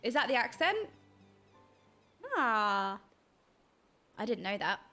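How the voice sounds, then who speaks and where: A young adult woman streaming a game, excitably commenting and reading quest text aloud. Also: medium pitch, takes it slowly, soft background music. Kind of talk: live gameplay commentary.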